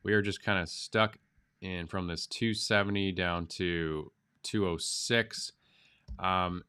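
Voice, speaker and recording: Brief: male host, head cold, nasal, low voice with a bright, clean tone, chatty chart walkthrough. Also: clear, resonant tone. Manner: thinks aloud, chatty and informal with frequent ums. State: has a cold. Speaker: crypto astrology channel host.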